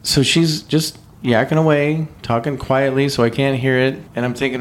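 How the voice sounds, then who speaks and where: Male podcast host from California, profane and animated storyteller, faint background hiss. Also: medium pitch, brisk. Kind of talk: casual storytelling.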